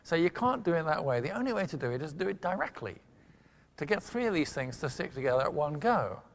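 An older man giving a public lecture, telling a science story with lively emphasis and quick asides. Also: on the high side, creaky, a little hiss or hum. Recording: long hall reverb.

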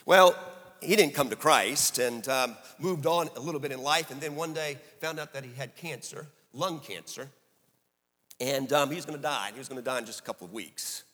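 A middle-aged man preaching a sermon as a story, swinging from hushed passages to emphatic peaks. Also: medium pitch, moderate pace. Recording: echoey hall.

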